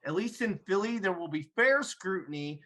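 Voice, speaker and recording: A man's voice: sits high, lively intonation, normal speed, sharp tone, slight background noise, rough recording. Emphatic, insistent young man. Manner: emphatic, insistent, repeats himself. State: hiccuping after drinking. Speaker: podcast host. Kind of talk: casual sports debate.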